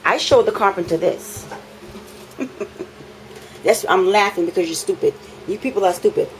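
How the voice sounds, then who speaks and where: A woman records a heated tenant's complaint on her phone inside her apartment. She speaks with indignant force, hammering points home by repeating them. Her voice sits at a middle pitch, with a faint hiss of background noise. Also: measured pace, poor audio. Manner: indignant, emphatic, repeats phrases for effect. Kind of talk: impassioned complaint vlog.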